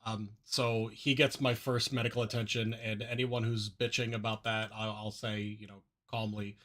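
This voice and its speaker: A man's voice: lowish voice, level tone, moderate pace, few pauses, a bit bright. A man playing a tabletop game, describing his character's actions hesitantly, often repeating words. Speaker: player.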